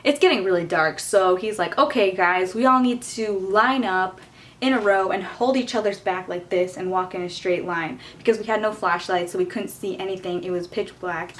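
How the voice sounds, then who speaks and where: A woman's voice: mid-range voice, fairly quick. A young woman vlogger telling a storytime in a casual, exasperated way, filling her talk with "like" and "you know.". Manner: casual, exasperated, heavy use of "like". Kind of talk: storytime vlog.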